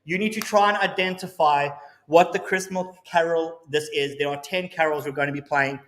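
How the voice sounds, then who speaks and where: Man, church quiz host, encouraging, preacherly, slightly high-pitched, roomy echo. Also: steady tone, normal speed, fairly bright tone, slight background noise. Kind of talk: live-streamed quiz and appeal.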